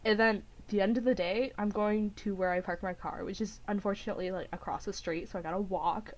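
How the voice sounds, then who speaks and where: A woman's voice: medium pitch, fairly even intonation, fairly quick. Giggly young woman telling a rambling story. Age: young adult. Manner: rambling, giggly, acts out quotes with voices. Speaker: podcast co-host. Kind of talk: casual storytelling chat.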